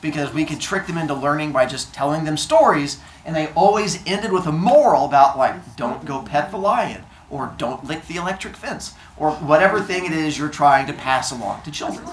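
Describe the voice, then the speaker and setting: A woman's voice: low-pitched, lively intonation, normal speed, hardly any pauses, slight background noise. A woman teacher telling a class a story in a playful, joking way, in a classroom. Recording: echoey classroom.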